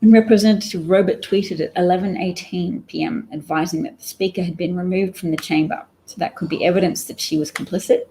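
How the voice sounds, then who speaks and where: A woman's voice: on the low side, fairly even intonation, fairly quick, hardly any pauses, warm tone, a little hiss or hum, poor audio. A woman giving rambling, wry solo commentary on the news, reading out quotes and sounding sleepy. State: sleepy, yawning. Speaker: political commentator.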